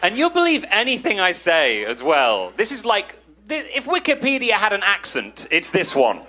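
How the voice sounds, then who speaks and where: Bright-voiced British stand-up comic. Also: male voice, sits high, wildly swooping pitch, normal speed, a little hiss or hum. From Britain. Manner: wry, self-deprecating, playful delivery. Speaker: stand-up comedian. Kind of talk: stand-up comedy set.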